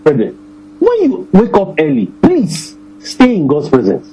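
A man with a mellow voice, fairly high for a man, preaches a sermon emphatically, his pitch swooping wildly as he repeats phrases and slows right down to stress the scripture verses. The recording is low quality, with a faint hum underneath.

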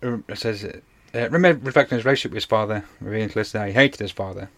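Man, lowish voice, chatty, rambling, lots of fillers. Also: fast, a bit bright. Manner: rambling retelling with many fillers. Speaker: podcast co-host. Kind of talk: casual chat.

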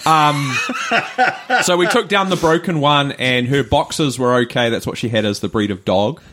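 A man's voice: mid-range voice, a little fast, background noise. Male podcast co-host, New Zealand accent, mid-range voice, loose anecdotal delivery. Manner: rambling anecdotes with fillers and laughs. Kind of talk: casual chat, storytelling.

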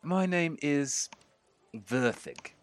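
A man voicing a well-dressed, fastidious male half-orc who speaks softly and hesitantly in a tabletop game. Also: on the high side, expressive, voice pushed up. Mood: reserved.

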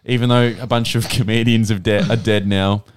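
A man's voice: on the low side, level tone, a little fast, slight background noise. A man co-hosting an improvised comedy chat, joking and laughing often. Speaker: podcast co-host.

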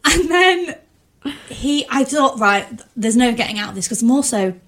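A woman's voice: on the high side, expressive, moderate pace, a bit bright. A woman in her twenties co-hosting a casual podcast, telling a dating story with lots of laughing and whispered asides. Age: 20s. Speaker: podcast co-host. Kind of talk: casual chat.

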